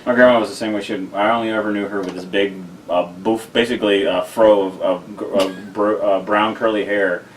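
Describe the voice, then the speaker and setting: A man co-hosting a podcast round table, telling stories in a lively, animated way with many restarts. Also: lowish voice, fairly quick, few pauses. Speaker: podcast co-host. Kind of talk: casual chat. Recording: distant mic with faint noise.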